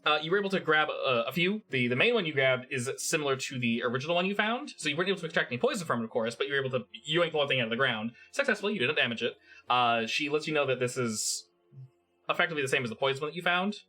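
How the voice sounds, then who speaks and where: Lively, bright-voiced game master. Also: male voice, fairly high pitch, faint music behind. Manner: halting, repeats words, laughs often. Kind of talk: narrating a tabletop game.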